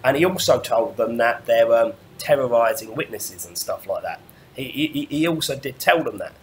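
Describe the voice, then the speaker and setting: A man's voice: mid-range voice, animated, moderate pace, slight background noise. A man talks in a middling voice through a long monologue rant. He rambles and trips over his own restarts. He swears freely as he goes. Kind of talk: ranting monologue.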